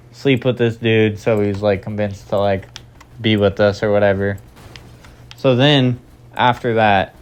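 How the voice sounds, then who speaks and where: A man's voice: on the low side, darkish tone, a little hiss or hum. A young man casually recapping a movie plot for his video channel, rambling with lots of fillers. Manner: rambling, filler-heavy, offhand. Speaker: video creator.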